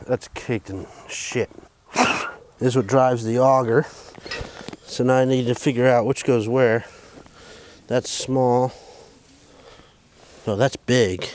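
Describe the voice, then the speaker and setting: This farm vlogger talks himself through a tractor repair in a slow, often-pausing way, cursing and cracking jokes. His medium-pitched voice is darkish with fairly even intonation, and there's a little hiss or hum on the recording.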